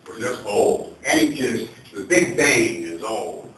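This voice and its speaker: A man's voice: on the low side, lively intonation, takes it slowly, fairly bright tone. A man leading a group brainstorm in a loose, joking manner, recorded by a far camera in a meeting room. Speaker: workshop leader. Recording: echoey room from far off, faint noise.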